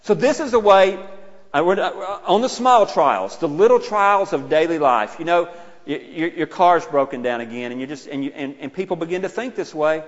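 Middle-aged male preacher, fairly high voice, chatty and self-mocking, then loud; long echo in a church hall. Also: lively intonation, normal speed. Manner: conversational, self-deprecating, rising to loud exclaiming. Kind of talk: sermon. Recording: muffled, with a long hall reverb.

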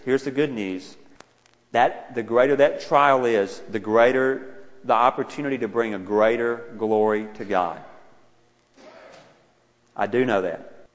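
Male preacher, conversational sermon delivery, mid-range voice; muffled recording with long reverb from a large church hall. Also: mid-range voice. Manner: conversational preaching, rising to loud emphatic retellings. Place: church sanctuary. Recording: dull, reverberant hall sound.

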